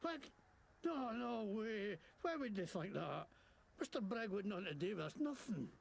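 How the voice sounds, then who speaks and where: A gravelly, foul-mouthed thug in a video game, whining and blustering in a put-on Scottish accent. His voice sits high and swings wildly up and down. Faint ambience hums behind him. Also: very animated, a little hiss or hum, exaggerated voice. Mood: defensive. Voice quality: gravelly, coarse and cursing. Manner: whiny, self-pitying, quick to bluster. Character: crude bitter male thug faking a Scottish accent.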